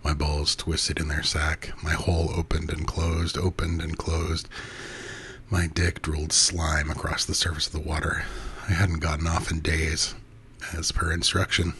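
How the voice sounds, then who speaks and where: A man narrating an intimate first-person erotic story in a soft, breathy voice that often drops to a half-whisper. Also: rumbling low, completely flat delivery, measured pace, a little hiss or hum.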